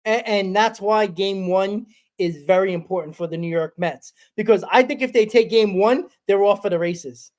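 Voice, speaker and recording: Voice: mid-range voice, moderate pace, a little mellow. A sports talk host chatting casually, often restarting and repeating phrases. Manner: rambling, repeats himself. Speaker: podcast host.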